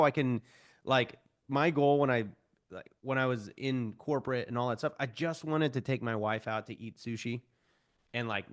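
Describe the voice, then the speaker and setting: A man in his thirties, a podcast guest, talking casually and animatedly, acting out the voices of people in his stories with self-deprecating humor. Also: mid-range voice. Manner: animated, self-deprecating storyteller who acts out quoted voices. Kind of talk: podcast interview.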